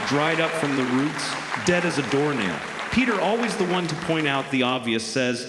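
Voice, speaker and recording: A man's voice: a little high, expressive, moderate pace, hardly any pauses, over a noisy crowd, very noisy. A man performing stand-up comedy in a wry, conversational storytelling manner, recorded on a theater stage with roomy hall reverb.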